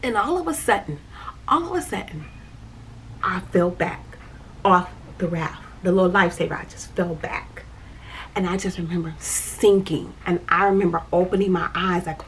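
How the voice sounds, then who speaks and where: A woman's voice: medium pitch, moderate pace, slight background noise. A woman tells a personal story, repeating phrases as she vividly recounts the moment.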